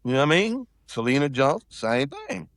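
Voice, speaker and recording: Speaking fairly quickly in a medium-pitched, sing-song voice with a slightly bright tone, this podcast guest from South Carolina chats through a story and voices the quotes in different characters. There's no echo, just clean studio sound.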